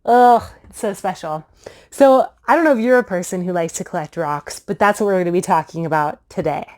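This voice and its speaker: A young woman hosts a science lesson for children in a bubbly, chatty way. She sounds playful and easygoing, with a voice of ordinary middle pitch. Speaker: science show host.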